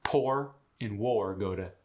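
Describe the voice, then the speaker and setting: A man hosting an accent tutorial as a dialect coach, explaining sounds in a brisk, instructive way. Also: fairly low pitch.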